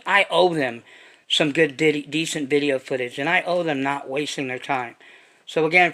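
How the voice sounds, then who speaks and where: A man's voice: a little high, fairly bright tone. A man vlogging casually to his viewers in a rambling, profane, emphatic way. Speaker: hobby vlogger. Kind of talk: casual chat to camera.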